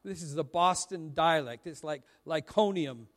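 A man preaching a sermon from the pulpit, often repeating words as he restarts, moving between loud rallying lines and hushed, soft passages. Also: on the high side, normal speed, long reverb tail. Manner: stammering restarts, rising to shouts then dropping to hushed prayer. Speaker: pastor. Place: church sanctuary.

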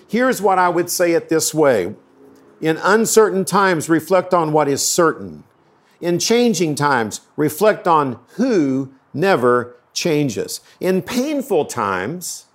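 A man preaching as a pastor, earnest and conversational, acting out quotes as he goes. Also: fairly high pitch. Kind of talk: sermon.

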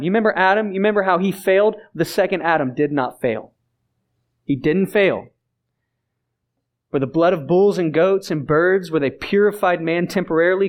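A man preaching a sermon in an earnest, emphatic and conversational way, often repeating his phrases for weight. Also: high-pitched. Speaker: pastor.

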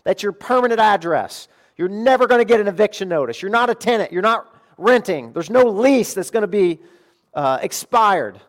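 A middle-aged man preaching a sermon, earnest, moving between quiet confiding passages and emphatic declarations. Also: high-pitched, expressive, normal speed. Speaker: pastor.

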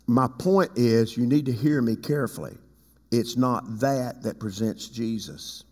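A man preaching a sermon as pastor. He swings from loud, high passages to quiet low asides and calls on people in the congregation by name. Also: animated, a little slow. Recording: long hall reverb.

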